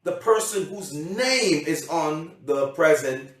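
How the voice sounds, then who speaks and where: A man's voice: fairly high pitch, lively intonation, takes it slowly. A man giving an emphatic motivational seminar talk as a coach, often repeating himself and checking that his audience understands. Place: seminar room. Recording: heavy echo, from a distance.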